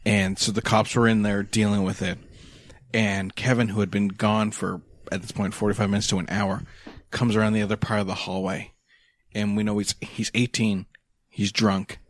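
A man's voice: on the low side, little pitch movement, normal speed, dry recording. A young man hosting a podcast, telling a crude college story in casual chat. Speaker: podcast host.

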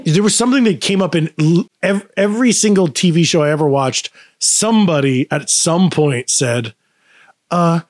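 A man's voice: on the high side, expressive, normal speed, few pauses, no echo. A man in casual podcast chat, telling rambling anecdotes and quoting people in put-on voices. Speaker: podcast co-host.

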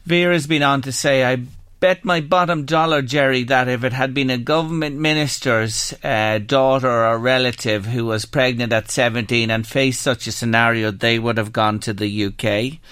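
An Irish man hosting a radio phone-in, speaking gently as he reads listener messages and asks his guest questions. His voice is mid-pitched, and the studio sound is close and dry. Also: steady tone, moderate pace, clear, resonant tone, no echo. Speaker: radio show host.

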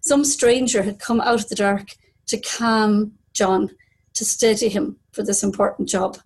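Woman telling a story live, breathy kinda raspy voice, pretty dramatic. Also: mid-range voice, fairly even intonation, measured pace, a little mellow, low-quality recording. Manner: vivid, dramatic retelling with acted quotes.

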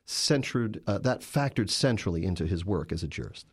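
Low-voiced man telling stories. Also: animated, moderate pace, husky. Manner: storytelling, with vivid, emphatic narration. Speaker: journalist and author guest. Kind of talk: interview answers.

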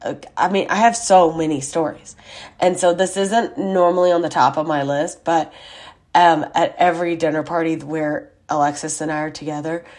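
Low-voiced woman telling a chatty story. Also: fairly even intonation, moderate pace, a little mellow. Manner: chatty, rambling, frequent fillers and asides. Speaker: podcast host. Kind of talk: casual storytelling monologue.

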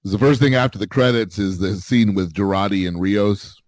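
A man with a lowish voice chats casually on a podcast, agreeing and filling in small details. He sounds dry and close to the mic. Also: a little fast, dry recording. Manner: agreeable, chimes in with confirmations. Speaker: podcast co-host. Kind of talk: casual chat.

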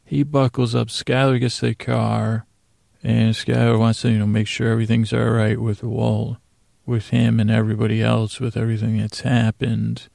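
A man's voice: medium pitch, little pitch movement, normal speed, gravelly, darkish tone, no room sound, clean studio sound. A man hosting a podcast, loosely recapping a TV episode from his handwritten notes, often correcting himself. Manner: loose, meandering, self-correcting. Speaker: podcast host.

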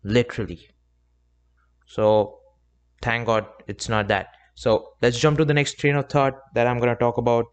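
A man's voice: medium pitch, little pitch movement, moderate pace, clean tone, muffled recording. A young man hosting his own solo podcast, talking in a rambling, chatty way with self-joking asides. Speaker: podcast host. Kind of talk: casual solo podcast monologue.

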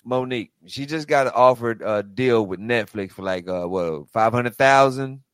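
A man's voice: medium pitch, unhurried, fairly bright tone, smooth, no room sound. A man hosting a casual group chat, cursing freely and putting questions to the others. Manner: profane, loose, questioning the group. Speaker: podcast host.

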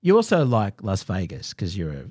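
Husky man cracking dry jokes. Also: on the low side, wildly swooping pitch, normal speed, a little mellow, no room sound. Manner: dry joking, teasing. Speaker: podcast co-host. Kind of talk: casual chat.

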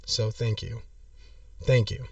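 A man voicing an evasive, oddly formal hotel guest who calls himself a professional, prank-calling the front desk in a slow, halting voice. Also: lowish voice, little pitch movement, vocal fry, darkish tone, smooth, dry recording, far from the mic, dull audio. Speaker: prank caller.

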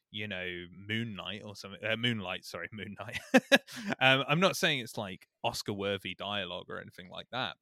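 A man on a podcast, chatting in an animated, mock-outraged way and acting out lines he quotes. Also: lowish voice, no echo, clean studio sound. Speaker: podcast co-host. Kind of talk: casual chat.

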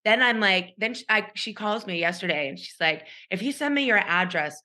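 A middle-aged woman co-hosting a podcast, telling a casual story in an animated way and acting out the people she quotes, heard over a video call. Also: medium pitch, normal speed. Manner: animated retelling with quoted voices. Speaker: podcast co-host.

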